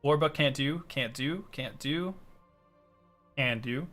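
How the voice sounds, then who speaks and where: A man chatting casually on a gaming stream, excitable and ranting with plenty of swearing. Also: medium pitch, a little slow, faint music behind.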